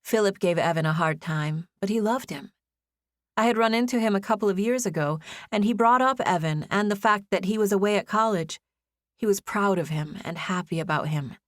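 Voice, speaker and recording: A young adult woman narrating a first-person audiobook with gentle, intimate storytelling. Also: medium pitch, a little fast, dry recording, studio quality.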